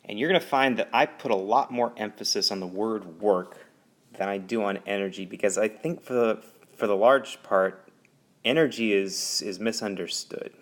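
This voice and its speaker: Lively low-voiced man giving a physics lecture. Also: moderate pace. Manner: lively, emphatic teaching with sudden rises in pitch. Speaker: physics teacher. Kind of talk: whiteboard lecture. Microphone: voice-over recording.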